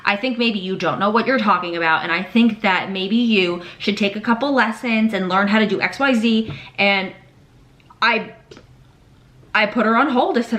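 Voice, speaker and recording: Brief: young woman vlogger in her twenties, frank and animated, mid-pitched, swears casually. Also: moderate pace. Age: 20s. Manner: candid, animated, swears freely, acts out quotes. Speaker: patient navigator. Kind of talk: casual confessional chat.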